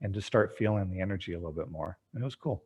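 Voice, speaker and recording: Low-voiced man telling lively stories. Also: rapid-fire, slightly rough. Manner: energetic storyteller, acts out dialogue. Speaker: guest, treatment center founder. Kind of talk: podcast interview.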